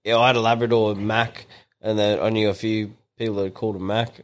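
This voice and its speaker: A man's voice: on the low side, little pitch movement, brisk. A man co-hosting a podcast in easygoing chat. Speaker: podcast co-host. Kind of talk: casual chat.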